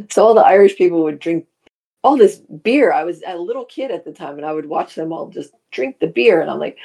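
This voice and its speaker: A woman's voice: low voice, vocal fry, mellow. A middle-aged woman hosting a casual live chat, reading viewer comments aloud and laughing often.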